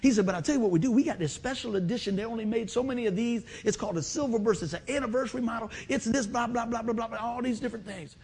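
A middle-aged West Virginia man preaches a sermon as one long personal story, acting out the voices of the people in it with animated flair and bursts of loud whoops. His voice is very high, and he races along with few pauses.

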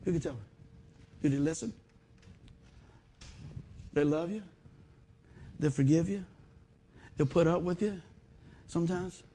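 A man preaching a sermon in a folksy storytelling manner, swinging from loud bursts to quiet asides. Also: fairly high pitch, a little slow, long pauses, a little hiss or hum. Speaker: pastor.

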